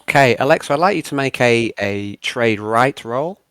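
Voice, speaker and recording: A man's voice: mid-range voice, expressive, normal speed, a bit bright, smooth, no echo. Man running a tabletop game. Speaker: game master.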